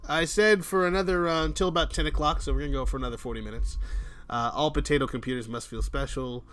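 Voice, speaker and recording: A man's voice: on the high side, fairly even intonation, fast, fairly bright tone. A young man hosting a live stream, chatting casually with friends and viewers in a playful, joking way. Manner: playful, joking, breaks into song. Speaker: streamer host.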